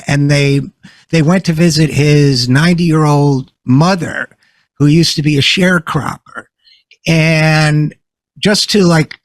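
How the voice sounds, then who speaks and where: A male interview host with a husky, somewhat high voice, telling stories in a relaxed conversational way. His voice sounds dry and close, with no room around it. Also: no echo. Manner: conversational storyteller, animated. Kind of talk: political interview.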